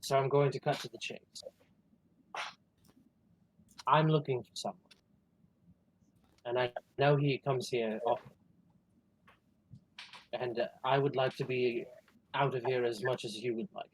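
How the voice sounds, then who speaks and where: A man speaking as a player in a tabletop game over a video call. His voice is mid-pitched and deliberate, measured as he lays out his words. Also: fairly even intonation, a little hiss or hum, rough recording. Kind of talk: in-character roleplay.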